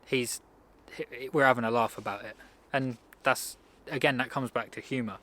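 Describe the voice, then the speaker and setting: A man's voice: mid-range voice, steady tone, normal speed, pushed and bright. A man giving a casual self-improvement talk in a loose, rambling way, often restarting his sentences. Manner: rambling, conversational, frequent restarts.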